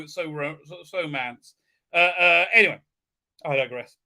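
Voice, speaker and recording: A man's voice: fairly high pitch, normal speed, sharp tone. A man hosting a live stream, recapping an episode in a sarcastic, profane way with many hesitant fillers.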